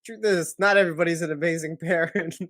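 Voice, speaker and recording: A man's voice: a little high, fairly even intonation, fast, a bit bright, dry recording, studio quality. A young man co-hosting a podcast in casual chat, laid-back and rambling, laughing often. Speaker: podcast co-host.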